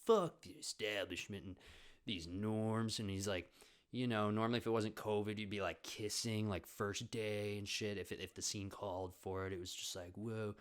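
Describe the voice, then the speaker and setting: A man's voice: lowish voice, level tone, moderate pace, clean tone. A young man in his twenties hosting a podcast, telling a rambling story in casual chat, swearing often. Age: 20s. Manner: rambling, swears often, acts out quoted voices. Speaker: podcast host.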